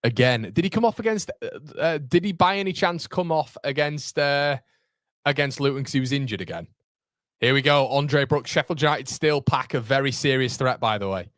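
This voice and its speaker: Excitable man reacting live to football. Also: mid-range voice, moderate pace, no echo, clean studio sound. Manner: shouts at the match, chats with viewers; uses British slang like lads, mate, muppets. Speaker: live-stream watchalong host.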